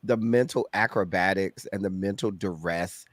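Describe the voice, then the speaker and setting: A man's voice: sits low, moderate pace, no echo. A man from Miami with a Miami accent, a guest reviewer in a casual movie discussion, earnest and reflective, often restarting his sentences. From Miami, Florida.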